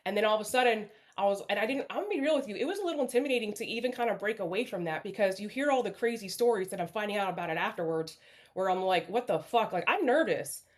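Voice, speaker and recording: Racing along in an expressive, medium-pitched voice, a panel guest on a video-call livestream gives blunt, apologetic, candid talk peppered with swearing.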